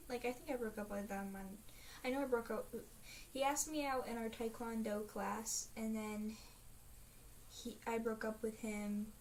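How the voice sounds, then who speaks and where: A woman's voice: medium pitch, a little mellow. A teenage girl chatting in a casual video diary, rambling and dramatic, full of fillers. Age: teens. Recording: faint hiss, mic a bit distant.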